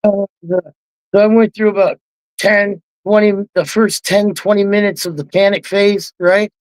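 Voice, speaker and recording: A man on a live online panel, telling a wild story in an excited, heavily profane way and acting out the quotes. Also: high-pitched, unhurried, no echo, rough recording. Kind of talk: casual storytelling.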